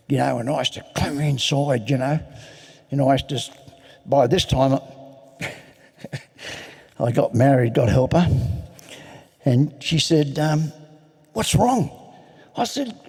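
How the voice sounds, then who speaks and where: Older man telling a rambling, self-mocking story in an echoey hall; gravelly. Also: fairly high pitch, dark tone. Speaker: recovery meeting speaker. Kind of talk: personal story told to an audience. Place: large hall.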